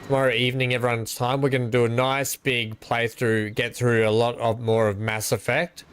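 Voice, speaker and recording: A man's voice: mid-range voice, flat delivery, normal speed, a little hiss or hum. An Australian man chatting casually to his live-stream viewers while playing, rambling and greeting them by name.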